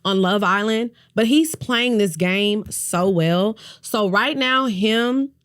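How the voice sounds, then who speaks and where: A woman's voice: mid-range voice, slow, fairly bright tone, clean tone. A woman hosting a podcast in casual gossip chat, candid, playful and openly profane. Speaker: podcast host.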